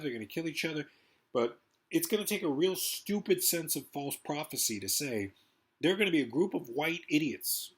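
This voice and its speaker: A man's voice: mid-range voice, a bit bright, slightly rough. A man delivering a rambling, profane political rant as a vlogger. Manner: rambling, profane, fast-talking. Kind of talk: ranting political monologue.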